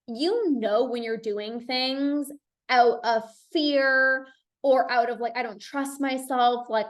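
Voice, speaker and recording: A young woman hosts her own podcast as a binge eating coach. She talks in a loose, chatty way and fills her sentences with "like". Her voice sits a bit high, and her tone is reassuring. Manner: chatty, says "like" a lot, reassuring. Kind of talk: solo podcast talk.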